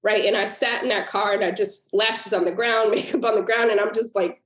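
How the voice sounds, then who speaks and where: Woman guest, mid-pitched, pouring out an emotional personal story; echoey room. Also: fairly even intonation, a little fast, few pauses. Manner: earnest and emotional, with laughs breaking into the telling. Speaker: guest author. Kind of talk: personal storytelling in a podcast interview. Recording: roomy echo.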